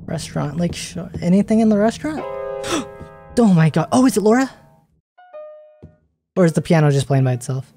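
Young woman streamer, excitable, gasping, emotional, lowish mellow voice, faint game music behind. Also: a little fast, long pauses. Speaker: gaming streamer. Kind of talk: let's play commentary.

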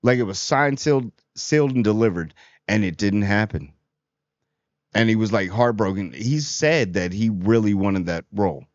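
A man's voice: lowish voice, animated, normal speed, no room sound. A man giving a casual, rambling movie review in a chatty, amused way. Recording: dry, slightly dull audio.

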